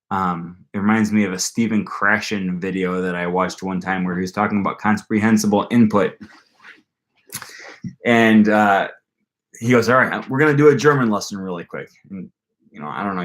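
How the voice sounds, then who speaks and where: A young man chats loosely on a live stream, talking about learning languages and reading out comments from viewers. His voice sits on the low side, and he wanders through his thoughts with lots of ums and restarts. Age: young adult. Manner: rambling, many fillers and restarts; reads viewer comments aloud. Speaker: language-learning channel host. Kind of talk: casual live-stream chat.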